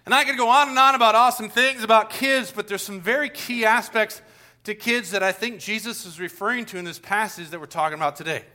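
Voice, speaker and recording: A man in his forties preaching a casual, story-driven sermon as pastor, acting out the voices in his anecdotes with big swings in pitch. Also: quick pace, sharp tone. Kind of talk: conversational sermon.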